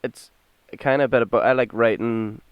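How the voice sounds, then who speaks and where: Smooth low Northern Irish man, dull dry sound. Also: steady tone, a little fast, no room sound. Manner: loose and sweary, trails off mid-thought. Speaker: guest songwriter. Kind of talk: casual chat.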